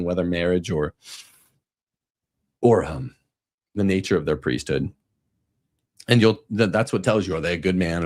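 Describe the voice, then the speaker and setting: A middle-aged man hosting a talk show, giving sardonic, rambling commentary with frequent restarts. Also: low-pitched. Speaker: podcast host. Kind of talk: casual commentary.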